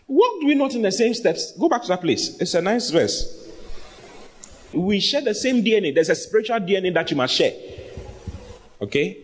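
A male pastor preaches with a fairly high, wildly swinging voice. He teases his listeners and hammers points home by repeating them. Long church-hall echo trails every phrase. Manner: animated, teasing, repeats phrases for emphasis. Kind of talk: sermon.

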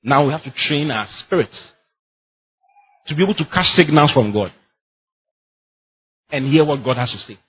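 A man's voice: fairly high pitch, animated, moderate pace, pauses often, slightly rough, phone-quality sound. A man preaching a sermon as pastor, emphatic and repetitive, often laughing as he speaks.

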